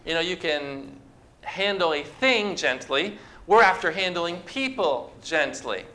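A man's voice: a little high, lively intonation, measured pace, pushed and bright. A man preaching a sermon to a congregation, talking conversationally and asking the people questions. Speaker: pastor. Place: church with a congregation.

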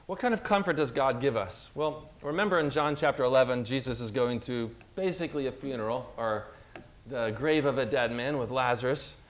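A man preaching an earnest, heartfelt sermon, speaking warmly and personally as he retells scripture. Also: medium pitch, fairly quick. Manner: earnest, emotional, retelling scripture with acted quotes.

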